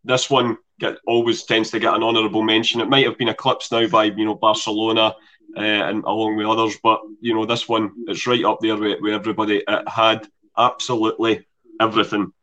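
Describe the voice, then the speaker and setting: A man's voice: on the low side, level tone, fairly quick, pushed and bright, muffled recording. A man hosting a podcast, easygoing and recapping with frequent fillers. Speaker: podcast host. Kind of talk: casual chat.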